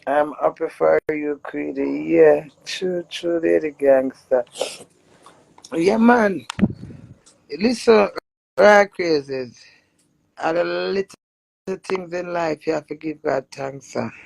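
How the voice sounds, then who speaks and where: A woman's voice: low voice, takes it slowly, gravelly, pauses often, dry recording. A middle-aged Jamaican woman chatting casually on a live stream, telling stories and laughing often. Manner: animated storytelling with frequent laughs.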